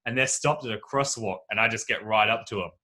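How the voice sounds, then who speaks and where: A man spins an anecdote on a casual podcast, his voice bright and forward. He jumps into the voices of everyone in his story as he goes, and he is talking into a home video-call mic. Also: fairly low pitch, fast. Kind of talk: casual chat. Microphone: video call microphone.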